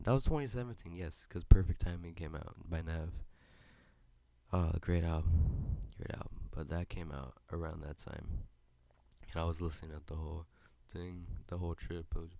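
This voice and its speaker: A man's voice: fairly low pitch, mellow, no room sound. A young man hosting a solo podcast, rambling in a laid-back way and swearing freely. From United States. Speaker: podcast host. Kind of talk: solo casual podcast chat.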